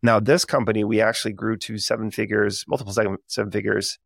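A man's voice: on the low side, flat delivery, quick pace, gravelly, dry recording, clean studio sound. A man in his thirties hosting a podcast, telling a candid, reflective story in a casual way with many fillers. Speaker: podcast host.

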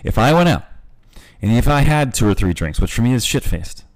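A man's voice: medium pitch, expressive, a little fast. A man in his forties hosting a podcast, talking candidly and joking, with some swearing. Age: 40s. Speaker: podcast host. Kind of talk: casual podcast chat.

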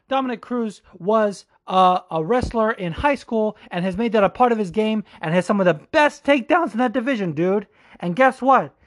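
A man giving a heated, profane opinion rant as a fight commentator, talking quickly and calling the listener "dude" over and over. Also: high voice. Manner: profane, fired-up, says "dude" a lot; quick, animated delivery. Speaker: MMA commentator.

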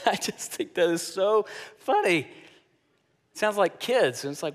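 Animated guy preaching a sermon, high voice, big reverby hall. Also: a little slow. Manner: animated storytelling preacher with lively swings in pitch and loudness. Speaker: pastor.

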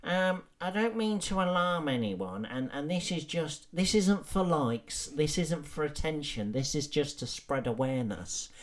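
A man's voice: on the high side, expressive, measured pace, few pauses, voice pushed up. A man voicing a prim, nosy middle-aged woman who posts fussy, self-righteous warnings online, hesitating with ums.

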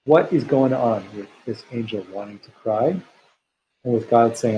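A man's voice: mid-range voice, moderate pace, mellow, highs cut off. Guy walking through a text, reads hebrew then explains, earnest, faint hiss behind. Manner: earnest, searching, with restarts. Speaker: teacher. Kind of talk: text study lesson.

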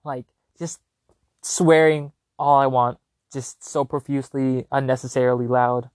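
A man's voice: mid-range voice, a little slow, no room sound. Young man rambling casually on a podcast. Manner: animated, rambling, filler-heavy. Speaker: podcast host. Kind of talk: casual storytelling.

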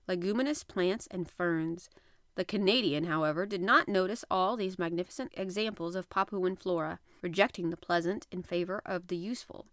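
A woman's voice: fairly low pitch, no echo. Woman narrating an audiobook, dry sound. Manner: measured, even reading. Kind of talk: scripted narration.

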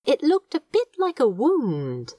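A woman reads a fan fiction aloud in a measured, expressive way, her pitch moving a lot. She takes her time. The sound is close and dry. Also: no room sound. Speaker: podfic narrator. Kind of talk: scripted narration.

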